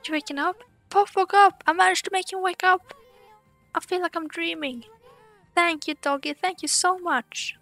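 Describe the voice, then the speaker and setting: A woman's voice: very high-pitched, normal speed, vocal fry, a bit bright, no echo, soft background music, voice pushed up, exaggerated voice. Woman reading as an earnest village boy. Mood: overjoyed. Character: worried young village boy. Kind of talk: reading game dialogue aloud.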